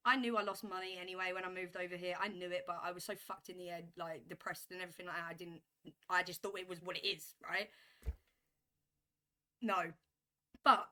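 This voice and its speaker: A woman telling a story to camera in a vlog, animated and emphatic, repeating herself as she builds a point. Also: on the low side. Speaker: vlogger.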